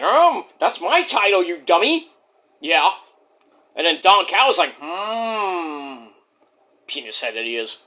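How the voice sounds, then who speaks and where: A man's voice: sits high, sharp tone. A man casually recapping wrestling shows in a rambling, joking, profane way. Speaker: wrestling show reviewer.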